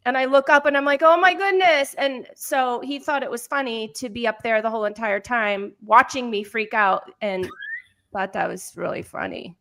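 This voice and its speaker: A woman in her thirties co-hosting a casual talk show, telling stories in a chatty, animated way. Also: a little high, normal speed, a little hiss or hum. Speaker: podcast co-host. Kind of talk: casual chat.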